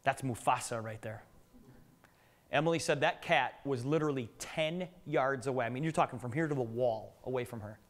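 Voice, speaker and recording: A man's voice: mid-range voice, normal speed. A middle-aged man giving a live business presentation to an audience, telling joking stories and putting questions to the room.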